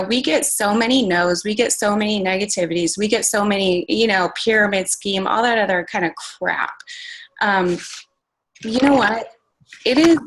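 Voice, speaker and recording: A woman's voice: medium pitch, poor audio. A woman coaching a group on a call, talking casually and earnestly, full of "like" and "you guys". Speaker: fitness coach sharing takeaways on a group call. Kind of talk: casual motivational talk. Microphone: conference call.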